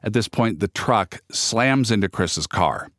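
A man's voice: lowish voice, expressive, measured pace, fairly bright tone, dry recording, studio quality. A man hosting a podcast, reading scripted narration and sponsor notes in an earnest, lightly playful way. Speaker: podcast host.

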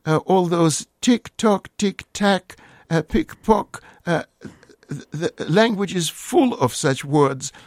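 A man's voice: high-pitched, animated, slow, no room sound, studio quality. A man, a guest linguist on a radio call-in show, explaining word origins in a hesitant, lecturing way with many fillers.

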